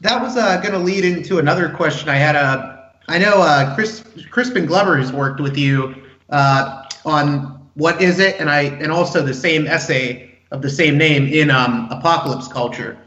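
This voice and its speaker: A man's voice: a little high, moderate pace, fairly bright tone. A male interviewer asks his questions casually, with many hesitations and fillers. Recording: roomy, somewhat dull recording.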